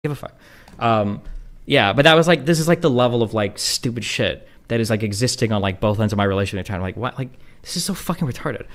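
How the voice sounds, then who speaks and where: Man, low voice, very fast profane rambling stream talk. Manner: rapid, profane, filler-heavy. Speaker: streamer in clip. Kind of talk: casual rambling monologue.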